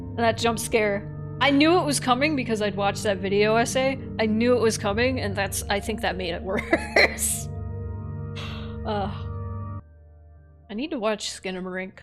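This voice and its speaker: Woman streamer, unhurried speech, candid and profane, faint music underneath. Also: medium pitch. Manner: candid, swears freely, thinks aloud. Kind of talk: casual game commentary.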